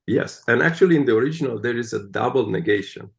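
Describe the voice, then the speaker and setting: A man being interviewed, explaining at length in an animated, emphatic way and often checking in with "right?". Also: mid-range voice, quick pace, gravelly. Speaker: guest, translator of the Psalms. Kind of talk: conversational interview.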